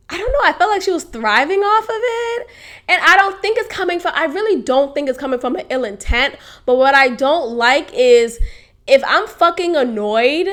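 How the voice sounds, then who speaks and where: Young woman, high bright voice, casual solo podcast host, candid, swears a lot. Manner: candid and animated, swears freely, laughs while telling.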